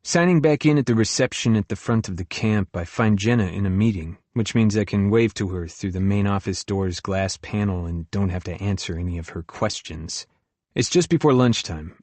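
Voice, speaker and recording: Man, audiobook narrator, fairly low voice, dry close sound, reflective first-person reading. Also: darkish tone, no room sound.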